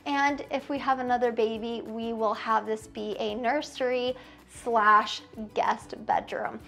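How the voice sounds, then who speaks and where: A woman's voice: fairly high pitch, fairly even intonation, unhurried, creaky, a bit bright, faint music behind. A woman in her thirties giving a casual home tour, gushing and chatty with lots of fillers. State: tearful at times. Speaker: vlogger. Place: inside a home.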